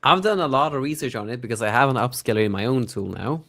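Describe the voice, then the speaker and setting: A young man rambles with excitement, keeps forgetting names and laughs through his sentences. His voice sits in the middle range. The sound is dry and close. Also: mid-range voice, fast, dry recording. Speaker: podcast co-host, app developer. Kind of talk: casual podcast chat.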